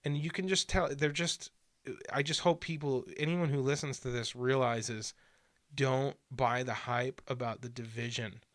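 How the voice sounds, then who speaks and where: A man talks through a casual podcast conversation with earnest, insistent energy, slipping into little voices to act out the people in his stories. His voice sits at a middle pitch and the recording is close and dry, with no room sound. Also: unhurried, dry recording. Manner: animated storyteller who acts out quotes.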